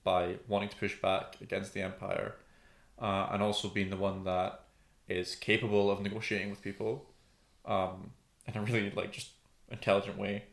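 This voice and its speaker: In a recording with a roomy echo, a man co-hosting a podcast talks casually about TV, filling his thinking-aloud with many ums. His voice is fairly low and creaky, delivered flatly at a normal speed.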